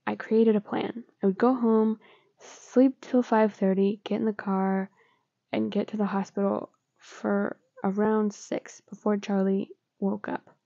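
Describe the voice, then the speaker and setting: A woman reads fan fiction aloud in a plain, unhurried way. Her voice is gravelly and dark. The recording is close, dry and lo-fi. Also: mid-range voice, flat delivery, no room sound. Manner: plain, unhurried reading with small slips. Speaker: fanfiction reader.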